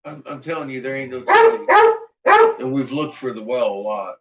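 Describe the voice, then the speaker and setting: A man's voice: medium pitch, very animated, normal speed, muffled recording. A man at home talking to his pets in a playful, teasing way, baby-talking the dog and swearing casually. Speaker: pet owner.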